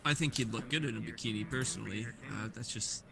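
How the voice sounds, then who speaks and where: A man's voice: mid-range voice, quick pace, creaky, sharp tone. A man joking and teasing other players in a virtual world chat. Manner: teasing, playful. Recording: game chat with crowd voices.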